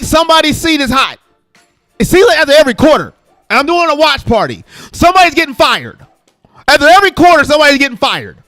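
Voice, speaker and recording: A man hosts a live sports fan stream in a bright, high voice, hammering his points home through repetition. The sound is dry and close, with faint music underneath. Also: no echo. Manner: emphatic, repeats points, animated. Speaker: sports show host. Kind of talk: live-stream fan show, reading chat.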